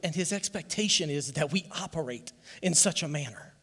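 A man's voice: a little high, animated, brisk, slightly rough. Emphatic male preacher in a reverberant church. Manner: personal testimony, emphatic and emotional, rising to loud emphasis. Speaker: pastor. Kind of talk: sermon.

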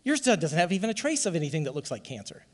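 A male pastor gives a heartfelt testimony from the pulpit, his somewhat high voice swelling into loud emphasis. The sound carries a long reverb from the church hall. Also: sing-song, racing. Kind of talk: sermon.

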